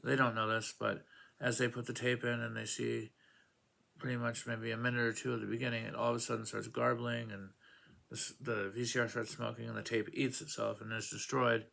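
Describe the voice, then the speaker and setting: A man's voice: medium pitch, little pitch movement, brisk, creaky, pushed and bright. A man casually reviewing comic books, rambling with many fillers and acting out quoted lines in a raised voice.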